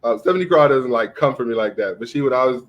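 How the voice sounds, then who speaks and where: A man's voice: mid-range voice, lively intonation, quick pace, lo-fi sound. A man hosting a live stream in easygoing casual chat, laughing often.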